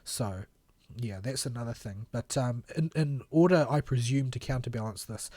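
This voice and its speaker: Late in a long stream, this podcast co-host's mid-range voice sounds worn as he speaks at normal speed. He rambles through critical opinions, letting sentences fade away quietly, on a dry recording.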